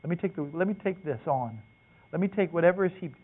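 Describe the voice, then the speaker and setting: A man's voice: high voice, lively intonation, fast talker. Man preaching over a tinny line. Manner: storytelling, quoting his dad, rhetorical questions. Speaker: preacher at a men's gathering. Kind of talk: sermon with personal stories. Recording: tinny phone-like sound.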